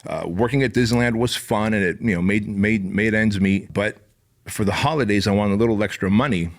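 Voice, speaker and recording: A man's voice: on the low side, brisk. A man hosting a podcast, telling a story in a casual, emphatic, profane way. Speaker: podcast host. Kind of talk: storytelling monologue.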